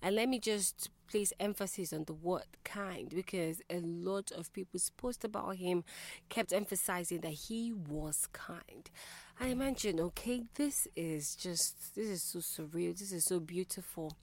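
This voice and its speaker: A woman's voice: lowish voice, moderate pace, few pauses, darkish tone. A woman hosting a call-in radio show, talking in a reflective, conversational way and putting questions to her listeners.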